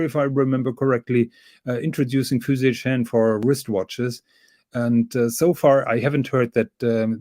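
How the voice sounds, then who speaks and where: A man's voice: medium pitch, mellow, no room sound. A man explaining things carefully and patiently on a livestream, with some fillers. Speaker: guest on a watch livestream. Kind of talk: casual livestream chat.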